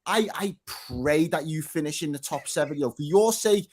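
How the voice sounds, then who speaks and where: A man's voice: a little high, normal speed, darkish tone, a little hiss or hum. A man on a casual football podcast, teasing and mock-threatening the others, swearing freely. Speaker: podcast panelist.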